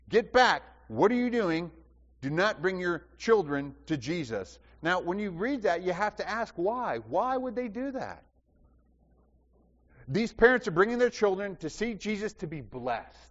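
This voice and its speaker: A pastor with a fairly high, very lively voice asks his congregation questions and repeats phrases for emphasis during a sermon. His words ring through a church hall with long reverb, and the recording sounds dull.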